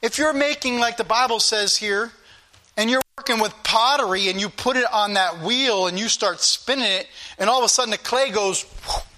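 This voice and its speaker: A male preacher with a high, bright, ringing voice delivers his sermon emphatically. He repeats key phrases for weight and talks straight to his listeners. His tone stays forceful from line to line. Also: normal speed. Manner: emphatic, repetitive, addresses the congregation directly.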